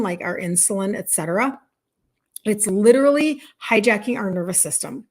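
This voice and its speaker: A woman's voice: mid-range voice, a little fast. A woman in her fifties, a health coach, chatting casually to viewers on a live stream, emphatic, repeating herself and saying "like" often. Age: 50s.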